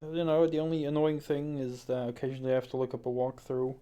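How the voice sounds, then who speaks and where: A man's voice: medium pitch, monotone, fast, mellow, a little hiss or hum. A man streaming a game, chatting casually as he wraps up, rambling and hesitant with many fillers. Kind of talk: casual stream sign-off chat.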